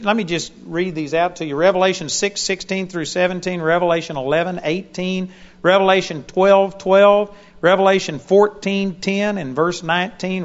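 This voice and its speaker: A preacher delivering a sermon to a congregation in an auditorium, swinging between loud emphatic bursts and quiet asides. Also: male voice, on the high side, in a large hall, dull audio.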